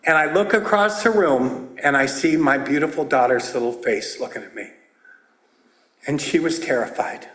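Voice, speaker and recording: High-voiced older man telling stories. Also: normal speed. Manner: animated storyteller, shouts in acted scenes. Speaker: AA meeting speaker. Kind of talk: comedic recovery talk. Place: meeting room with audience. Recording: roomy echoing meeting hall.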